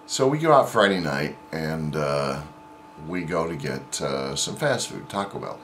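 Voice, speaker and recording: A man's voice: a bass voice, lively intonation, a little slow, a bit bright, slight background noise. A man vlogger casually telling an anecdote in a rambling way, with many fillers and restarts. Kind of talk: casual storytelling.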